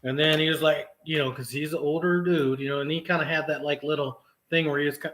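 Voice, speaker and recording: Profane, animated man telling a story. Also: a little high, fast. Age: middle-aged. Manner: profane, animated retelling with quoted dialogue. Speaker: trucking vlogger. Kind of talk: casual storytelling vlog.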